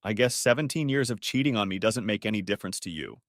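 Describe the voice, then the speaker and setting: A man's voice: fairly low pitch, fast talker, fairly bright tone, no echo, studio quality. A man voicing a cold, caustic husband confronting his cheating wife. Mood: angry. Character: cold, angry betrayed husband, middle-aged man.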